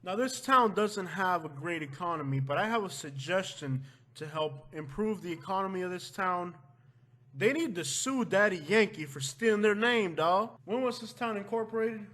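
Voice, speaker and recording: A man from Florida hosting a casual vlog, talking loosely and breaking into loud joking outbursts at home. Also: high voice, expressive, normal speed. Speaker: vlog host. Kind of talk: casual chat. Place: at home with his wife.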